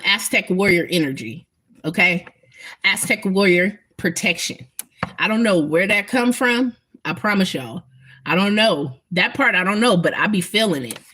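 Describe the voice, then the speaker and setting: A woman's voice: medium pitch, a bit bright, slight background noise. A woman talking emphatically and bluntly to her viewers in a casual spiritual livestream, swearing freely. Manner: emphatic, profane, talks straight to viewers.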